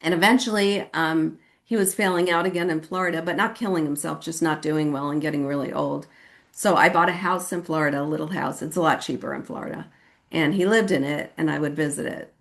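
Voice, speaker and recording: Gravelly low-voiced woman from california telling her recovery story, chatty, lots of "like", jumps high when quoting people. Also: steady tone, a little fast. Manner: casual and chatty, with frequent "like" and "you know what I mean"; acts out quoted voices with sudden high pitch. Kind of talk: personal testimony at a recovery meeting.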